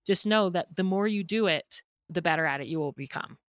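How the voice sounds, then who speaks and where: A woman hosting a podcast, with a low, deep voice and an affirming, encouraging way of speaking. The sound is dry and close, with no room echo. She talks in a relaxed, conversational tone. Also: brisk. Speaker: podcast host.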